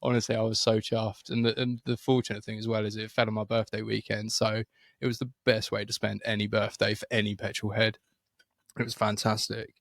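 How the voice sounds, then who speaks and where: A British man co-hosting a relaxed podcast, telling a story with plenty of "um"s and restarts. His voice sits on the low side. The sound is close and dry, with no room around it. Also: a little fast, no echo. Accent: British English. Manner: chatty storyteller, many fillers and restarts. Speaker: podcast co-host. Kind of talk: casual podcast chat. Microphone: studio microphone.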